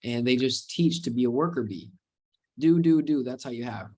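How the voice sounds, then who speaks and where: A man's voice: medium pitch, fairly quick, husky. A man from the United States hosting a live webinar Q&A as a trading coach, talking casually and rambling into spiritual motivational ideas.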